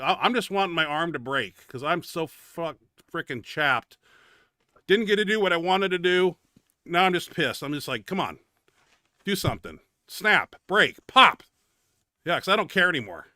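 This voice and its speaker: A fairly high, sharp male voice with lively intonation and a clear, resonant tone moves at a moderate pace, with no room sound and clean studio audio. He's the host of a bench press show, offering casual, blunt, profane commentary on his training footage while griping about a setback of his own.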